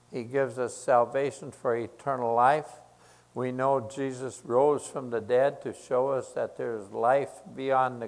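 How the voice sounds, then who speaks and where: Slow, earnest male preacher. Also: mid-range voice, low-quality recording. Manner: slow, earnest, repeating phrases for emphasis. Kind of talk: sermon.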